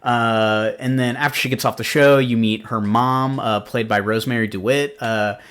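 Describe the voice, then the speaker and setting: A man's voice: medium pitch, steady tone, normal speed, fairly bright tone, clear, resonant tone. A young adult man hosting a podcast, chatting casually through a film recap with lots of filler words and rambling asides. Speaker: podcast host. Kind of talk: casual film review chat.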